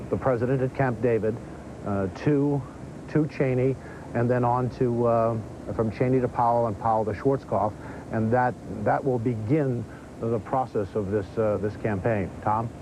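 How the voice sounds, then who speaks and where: Brief: male field correspondent, halting and hesitant, noisy outdoor feed with engine sounds. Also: medium pitch. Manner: halting, many uh fillers. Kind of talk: live news report.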